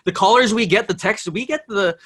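Young DJ, high voice, lively raconteur, casual. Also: male voice, fairly quick, breathy edge. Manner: animated storyteller, laughs often, mimics voices. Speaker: radio DJ and podcast guest. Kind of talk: casual chat.

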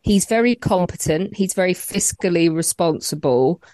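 A woman's voice: lowish voice, animated, normal speed, darkish tone, no echo, clean studio sound. A woman co-hosting a podcast, chatty and teasing as she interviews a guest. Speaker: podcast co-host. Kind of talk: casual chat interview.

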